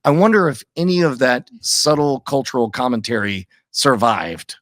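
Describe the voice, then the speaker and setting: A man co-hosting a podcast, reflecting casually and haltingly on an old sitcom. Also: mid-range voice, big pitch swings, a bit bright, dry recording, clean studio sound. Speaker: podcast co-host. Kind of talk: casual chat about a TV episode.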